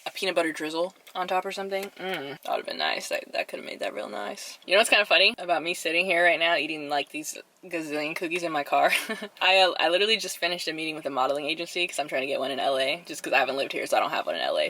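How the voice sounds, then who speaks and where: A young woman talks casually to the camera from inside her car. Her voice sits on the low side but sounds bright and sharp. Her delivery is chatty and animated, with dramatic flair. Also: gravelly. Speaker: vlogger. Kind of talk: casual chat.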